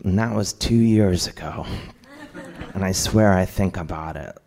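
Animated male comic storyteller. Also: low-pitched, measured pace. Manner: animated, laughing, acts out voices of others. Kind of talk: live comedic storytelling.

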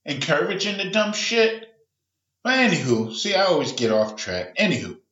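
A man's voice: fairly high pitch, big pitch swings, moderate pace, fairly bright tone, echoey room, lo-fi sound. A man hosting a podcast alone, ranting casually and profanely, wandering off track and acting out other people's voices. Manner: profane, rambling, acts out quoted voices. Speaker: podcast host. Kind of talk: casual solo rant.

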